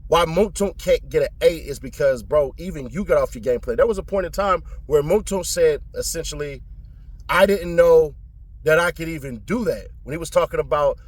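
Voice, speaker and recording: A man with a somewhat high voice gives casual trial commentary in a blunt, profane, slang-heavy way. He leaps even higher in pitch to stress a point. Each remark comes straight and unfiltered. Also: slightly rough.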